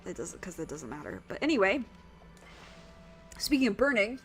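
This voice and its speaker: A woman streamer talks to her viewers in a loose, rambling way as she plays, swearing casually. Her voice is rough from overuse and sits at a middle pitch. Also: sing-song, normal speed, fairly bright tone, soft background music. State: rough throat. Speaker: game streamer. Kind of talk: casual chat while streaming a game.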